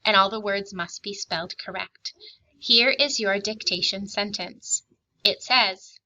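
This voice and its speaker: Woman teacher, recorded lesson, bright tone, unhurried, carefully enunciated dictation. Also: mid-range voice, low-quality recording. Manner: slow, clearly enunciated dictation, patient and encouraging.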